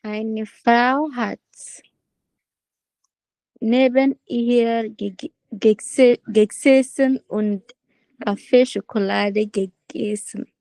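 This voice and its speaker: Slow, hesitant female language student. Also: on the high side, fairly even intonation, a little mellow, dry recording, rough recording. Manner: hesitant, slowly piecing sentences together. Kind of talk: answering in a language class.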